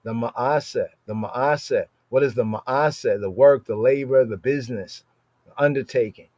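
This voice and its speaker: A man on a podcast teaching a Bible passage in a casual, conversational way. He checks in with "right?" after almost every phrase and slows down when he reads the verses aloud. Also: mid-range voice, darkish tone, no room sound. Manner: conversational, frequent "right?" tag questions.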